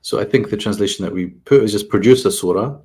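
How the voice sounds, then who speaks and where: Deep-voiced man, measured and cautious. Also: darkish tone. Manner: measured and cautious, weighing wordings. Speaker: Quran teacher. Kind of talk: scholarly study discussion.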